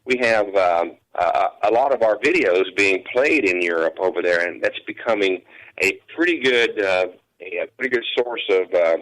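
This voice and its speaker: A man's voice: sits low, lively intonation, moderate pace, a bit bright, rough recording. A man, a country musician and hay farmer, talking in a radio interview in an easygoing, rambling way. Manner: easygoing, rambling, many restarts.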